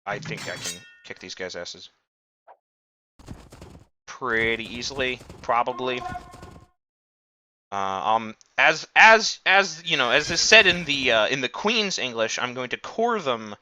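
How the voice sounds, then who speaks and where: A man's voice: mid-range voice, very animated, measured pace, pauses often, pushed and bright. A man giving casual, rambling let's-play commentary, swearing often and mocking himself. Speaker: gamer. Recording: noisy recording.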